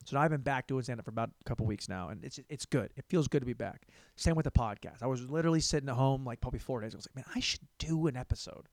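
A man's voice: mid-range voice, racing, vocal fry, few pauses, a little mellow, dry recording, studio quality. A young man hosting his own podcast, a stand-up comic rambling casually, swearing and laughing at himself. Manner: rambling, profane, self-mocking, laughs often. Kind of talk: casual solo podcast monologue.

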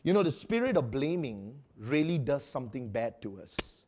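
A male pastor preaching a sermon in an animated way, acting out quotes with sudden loud outbursts. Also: medium pitch, normal speed, a little hiss or hum.

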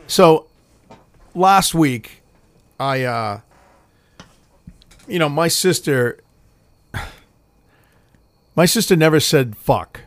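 A man's voice: on the high side, expressive, very slow, long pauses, fairly bright tone, no echo. Profane storytelling man, dry close mic. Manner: profane, storytelling with acted-out quotes. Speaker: podcast co-host. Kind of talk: casual chat.

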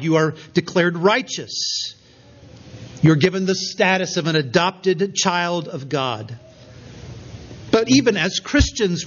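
Man, high voice, pastor, sermon, slow emphatic pauses, muffled lo-fi recording. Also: a bit bright. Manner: earnest, expository preaching with slow emphatic pauses.

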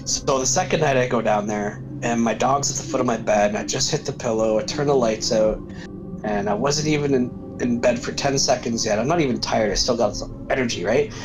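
A man's voice: mid-range voice, a little fast, over music, rough recording. Chatty man telling a ghost story. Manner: relaxed, chatty, says "right?" often. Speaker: podcast guest. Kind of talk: casual storytelling.

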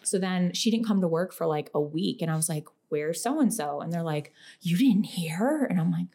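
A young woman from Western New York telling stories in casual, profane podcast chat, acting out quotes with lively energy. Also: lowish voice. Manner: animated, profane, quick storytelling with acted quotes. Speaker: podcast guest.

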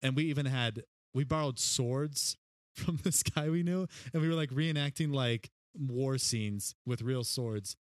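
A man's voice: mid-range voice, measured pace, no echo, studio quality. Playful man laughing through casual chat. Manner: laughs often, playful, drops into silly voices. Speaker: podcast guest.

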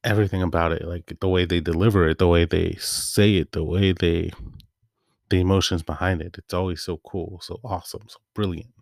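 A man's voice: deep voice, steady tone, fairly quick, vocal fry, no echo, studio quality. A man hosting a solo podcast, talking in a loose, rambling, offhand way. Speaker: podcast host. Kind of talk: casual solo monologue.

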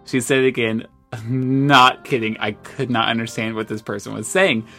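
A man from the United States co-hosts a casual podcast, spinning animated, self-deprecating stories in an easygoing conversation. His voice sits in a middle pitch, with faint music in the background. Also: normal speed. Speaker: podcast co-host. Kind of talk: casual storytelling chat.

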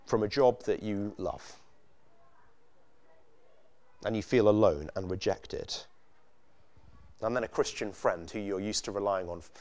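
Man, preacher, sermon, chatty delivery, rhetorical questions, mid-pitched voice. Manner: conversational, asks many rhetorical questions.

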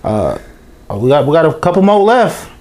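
A man's voice: on the high side, very animated, moderate pace, darkish tone. Man, podcast co-host, rambling, joking, lots of uhs. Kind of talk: casual podcast chat.

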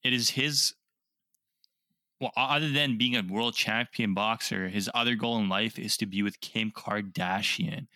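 A man co-hosting a casual podcast, telling a story with lively acted-out quotes. His voice has a bright, forward edge. It sounds dry and close to the mic. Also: fairly low pitch, unhurried, dry recording. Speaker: podcast co-host. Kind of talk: casual chat.

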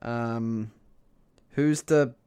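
A man's voice: mid-range voice, steady tone, very slow, dark tone, smooth, no room sound. Joking New man hosting a podcast. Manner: loose, joking, trails off with fillers. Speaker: podcast co-host. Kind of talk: casual podcast chat.

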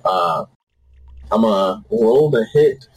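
Husky-voiced man playing a tabletop game. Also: on the low side, lively intonation, takes it slowly, poor audio. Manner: casual, adds playful sound effects. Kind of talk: casual game chat.

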